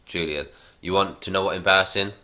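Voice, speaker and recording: A guy reading out a careless, flippant middle-aged dad, very deep voice but bright and forceful tone. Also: steady tone, quick pace. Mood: smug.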